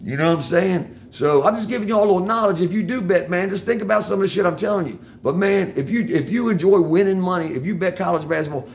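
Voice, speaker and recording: Older DC man, gravelly, loose and profane, talks to the camera outdoors, "man" and "y'all" in every line. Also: sits high, quick pace, hardly any pauses. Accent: Washington DC. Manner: rambling, profane street talk with constant "man" and "y'all". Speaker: vlogger talking to viewers. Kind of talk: casual storytelling monologue. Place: outdoors on a street corner.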